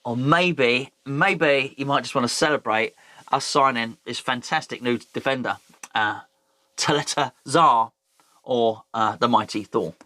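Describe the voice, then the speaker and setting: A man's voice: medium pitch, measured pace, bright, forceful tone, no echo. A man hosting a fan channel, talking football in a rambling, jokey way that keeps correcting itself. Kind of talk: casual football chat.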